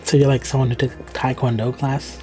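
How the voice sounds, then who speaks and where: A man's voice: medium pitch, flat delivery, fairly quick. Man commentating his playthrough, casual and jokey, music bed behind. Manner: joking, easily surprised. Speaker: gaming streamer. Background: game music and sound.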